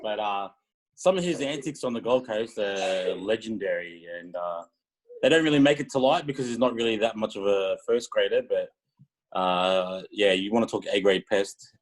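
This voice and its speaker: A man's voice: lowish voice, moderate pace, poor audio. A man, a podcast guest telling rambling, laid-back stories in casual chat. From Australia.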